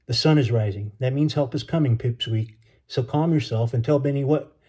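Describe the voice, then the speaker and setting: A folksy, gruff Marine, read by a man in a storybook, talking in easy slang to calm a frightened boy. The tone is mellow and warm. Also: medium pitch, a little fast, natural voice. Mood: reassuring. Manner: folksy, reassuring, drawling slang.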